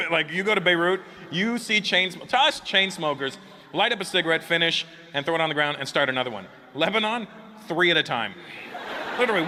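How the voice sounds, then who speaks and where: A man doing stand-up comedy before a live audience, telling crude, rambling stories, laughing at his own jokes and checking in with the crowd. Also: high-pitched. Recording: noisy live club recording.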